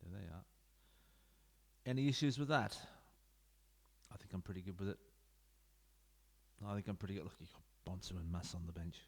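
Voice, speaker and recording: Recording from a room at home through a desk mic into his computer, a gaming YouTuber rambles casually over a football management game, throwing in offhand remarks to viewers. His low, gravelly voice is brisk yet pauses often, a little mellow and slightly rough.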